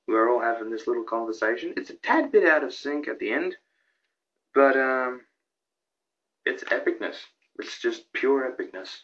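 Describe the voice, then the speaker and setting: A young man rambling excitedly through a countdown of his own videos, with lots of restarts and fillers. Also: mid-range voice, normal speed, highs cut off. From Australia. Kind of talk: casual vlog commentary.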